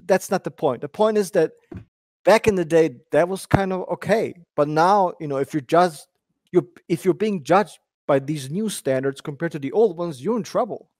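A man with a somewhat high voice argues his point in a casual podcast chat. He rambles and restarts his sentences. The sound is close and dry, with no room around it. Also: moderate pace, a little mellow, no room sound. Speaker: podcast guest.

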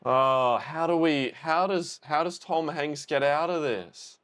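A young man reacting to a war film for the first time, swearing and shouting at the screen. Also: a little high, slow. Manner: emotional, swearing, exclaims at the screen. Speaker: reaction video host.

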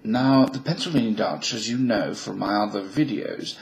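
A man's voice: lowish voice, moderate pace, vocal fry, hardly any pauses, poor audio. A man vlogging alone to his webcam, musing in a rambling way and slipping between put-on accents. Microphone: webcam mic.

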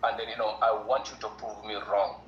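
A man's voice: lowish voice, flat delivery, fast, reverberant, muffled recording, a little hiss or hum. A man from Gambia, a guest on a livestream, speaking earnestly and repeating himself with lots of "you know". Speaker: guest caller. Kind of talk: casual chat.

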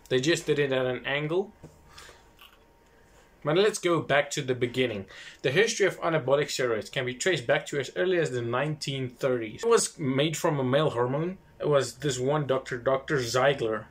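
Man, casual host, mid-pitched voice, rambling history recap, loose asides. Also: fairly bright tone.

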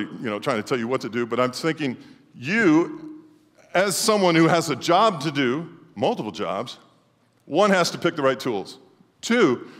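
A middle-aged male pastor preaching a sermon emphatically, swinging between loud declarations and quiet asides. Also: mid-range voice. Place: church sanctuary. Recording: long church hall reverb.

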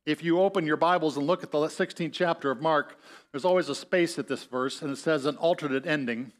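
A man's voice: a little high, fairly quick. A man preaching a sermon as pastor, telling the story in a conversational way and acting out the voices in it. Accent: Upper Midwest American. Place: church sanctuary.

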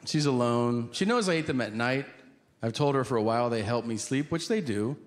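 A middle-aged man telling a stand-up story with an animated, exasperated delivery. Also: medium pitch, brisk. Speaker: stand-up comedian. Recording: noisy live comedy club.

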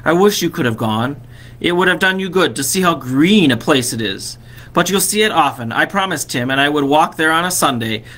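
A man's voice: a little high, lively intonation, a little fast, bright, forceful tone. A man voicing a poor, kindly grieving father, a middle-aged clerk, in a fond storytelling tone.

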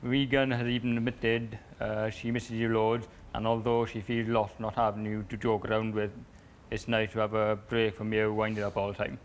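A young man, a reality show contestant, reading a family letter aloud, halting and stumbling over words. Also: lowish voice, level tone, slight background noise. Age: young adult.

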